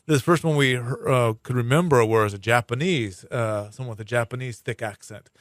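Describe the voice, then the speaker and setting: A man's voice: medium pitch, moderate pace, no echo, clean studio sound. A man speaking as a prosecuting attorney guest in a casual radio interview, explaining at length with many fillers and restarts. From Hawaii. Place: radio studio.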